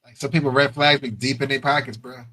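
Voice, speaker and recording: A man's voice: mid-range voice, steady tone, fast, pushed and bright, rough recording. A man co-hosting a podcast, talking in a laid-back, slangy way and laughing often. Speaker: podcast co-host. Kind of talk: casual chat.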